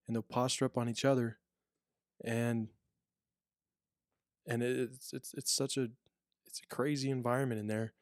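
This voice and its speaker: Here a man who works as a prison officer rambles through stories on a casual podcast, restarting often and leaning on fillers. He speaks in a mid-range voice, captured dry at studio quality.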